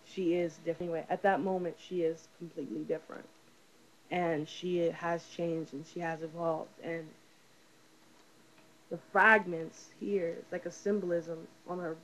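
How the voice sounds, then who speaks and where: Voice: medium pitch, flat delivery, moderate pace, fairly bright tone, slight background noise, rough recording. Rambling, profane movie reviewer. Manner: rambling, profane, lots of fillers. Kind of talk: casual spoken movie review.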